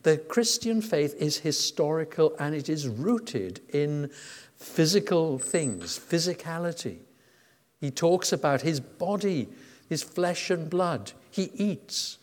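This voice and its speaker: A man's voice: on the high side, lively intonation, slow pace, darkish tone. A man preaching a sermon in a conversational manner, with frequent fillers and restarts. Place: church. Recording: church with long reverb.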